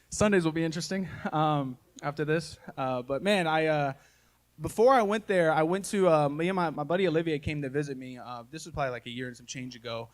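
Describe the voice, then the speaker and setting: A man's voice: a little high, a little fast. Self-mocking man doing stand-up. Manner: folksy, self-mocking, says "y'all" and "man" a lot. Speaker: stand-up comedian and podcast host. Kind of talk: live stand-up comedy. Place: live comedy show before an audience.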